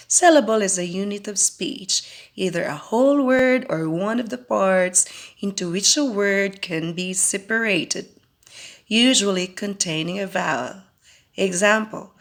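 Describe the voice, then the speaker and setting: A woman teaching as an online teacher, speaking slowly and carefully and counting syllables aloud. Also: medium pitch. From Philippines. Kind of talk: educational lesson.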